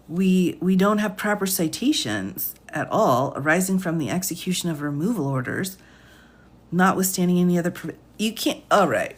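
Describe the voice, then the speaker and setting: A woman's voice: on the low side, lively intonation, normal speed, slightly rough. A woman attorney reading a court filing aloud on a live stream. She stops again and again to sigh, reread lines and ask "what?" in disbelief. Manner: incredulous, interrupts her reading with sighs and "what?"; breaks long sentences apart and rereads them aloud.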